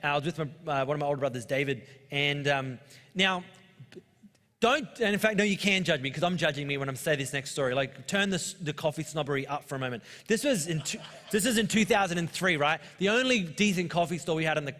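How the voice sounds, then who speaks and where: An Australian man in his thirties preaching a sermon with a fairly high voice, talking to the congregation in a loose, joking way and telling personal stories. The sound has a long hall reverb, as in a church auditorium. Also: brisk, pushed and bright. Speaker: pastor.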